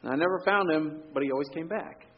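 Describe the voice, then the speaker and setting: Male pastor, relaxed storytelling sermon, fairly high voice, muted lo-fi sound. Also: fast, slightly rough. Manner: conversational storytelling, drops to quiet for emphasis.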